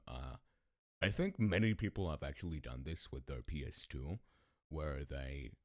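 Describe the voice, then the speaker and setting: Very deep-voiced, slow-talking man. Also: no echo, studio quality. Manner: laid-back, swears a lot, laughs often. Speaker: podcast host. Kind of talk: casual storytelling.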